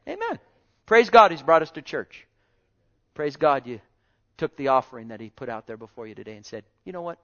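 A man preaching a sermon, swinging between loud exclaiming and quiet asides and calling out to his congregation. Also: medium pitch, very animated, fairly quick, long pauses, lo-fi sound. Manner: calls out to the congregation.

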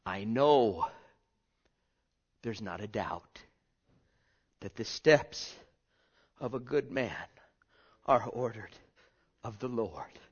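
A man preaching a sermon with passion, swinging from hushed, drawn-out words to loud cries. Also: fairly low pitch, animated, slightly rough, highs cut off.

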